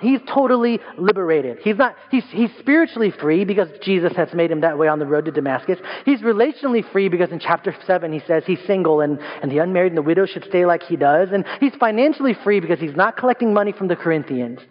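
A young adult male pastor preaching a sermon, telling stories in a lively way and pushing his voice higher for emphasis. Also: fast, hardly any pauses. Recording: dull sound with long reverb.

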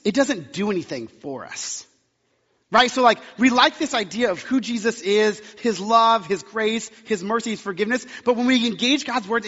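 A young male pastor gives a casual, conversational sermon full of self-deprecating humor and stories. His voice is high for a man, fairly bright and husky. The audio is muffled and lo-fi, with the long reverb of a large church hall.

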